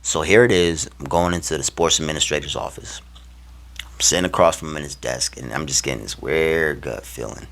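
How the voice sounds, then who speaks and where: Guy with a low voice but punchy bright tone, telling a story casual and slangy, acts out the quotes. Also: a little fast, gravelly. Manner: animated, acts out his own and others' quoted lines; slangy, loose phrasing with many fillers. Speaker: vlogger telling a personal story.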